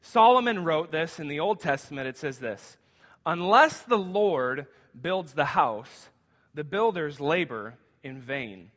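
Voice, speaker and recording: A man's voice: a little high, expressive, unhurried, a bit bright, big-room sound. A man in his thirties preaching a guest sermon, casual and conversational, telling family stories with asides. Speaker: guest pastor. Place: school auditorium used for church.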